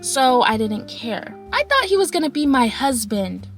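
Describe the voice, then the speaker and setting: Young woman vlogging a storytime, high voice, laughs a lot, does little voices, bit of music in back. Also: moderate pace. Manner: animated, laughing, acts out quotes in high voices. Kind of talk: storytime vlog.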